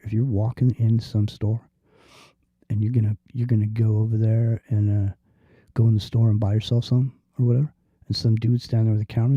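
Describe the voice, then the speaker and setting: A man chatting as a talk show host, rambling loosely and cursing often, with plenty of ums and false starts. His voice sits at a middling pitch. It comes through a dry, close mic with a dull, lo-fi tone. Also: slightly rough, dry recording. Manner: rambling, profane, with many restarts and fillers. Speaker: podcast host. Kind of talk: casual talk show chat. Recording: dull lo-fi sound.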